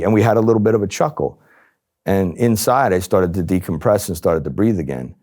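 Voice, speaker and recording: Middle-aged man, deep mellow voice, animated interview storyteller who acts out quotes. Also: brisk. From New Jersey. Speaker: former undercover agent.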